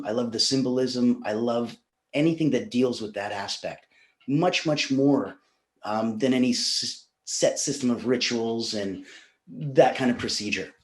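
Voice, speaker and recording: Guy in his 40s, talkative storyteller, laughs a lot, echoey room. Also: mid-range voice. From Russia, raised in Canada. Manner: chatty storyteller, laughs often. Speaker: podcast guest. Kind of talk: casual interview chat. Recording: roomy echo.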